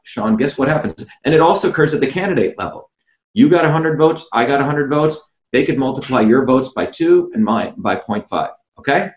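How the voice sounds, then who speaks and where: Guy on a video call hammering his point, keeps saying the host's name, echoey room audio. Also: mid-range voice. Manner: insistent, keeps addressing the host by name, asks rhetorical questions. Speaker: interview guest, former candidate. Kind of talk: animated explanation on a video call.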